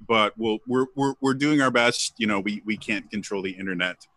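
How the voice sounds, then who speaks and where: A man hosting a live tabletop role-play stream as game master, chatting casually with hesitant pauses and frequent laughter. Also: lowish voice, fairly bright tone, no echo.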